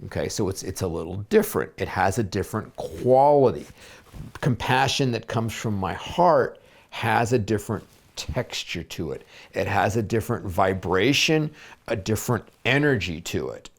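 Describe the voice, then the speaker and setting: Soft-spoken low-voiced man musing gently. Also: animated, normal speed, gravelly. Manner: gentle, searching, many fillers and restarts. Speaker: psychotherapist and spiritual coach. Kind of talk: reflective video blog talk.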